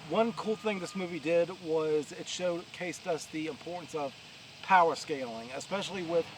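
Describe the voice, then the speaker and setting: A man's voice: fairly high pitch, moderate pace. A man with a New York accent giving a casual, rambling spoken review outdoors, with many fillers and restarts, talking over distant heavy machinery. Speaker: vlogger. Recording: outdoor recording with loud machinery noise. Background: distant heavy machinery and traffic.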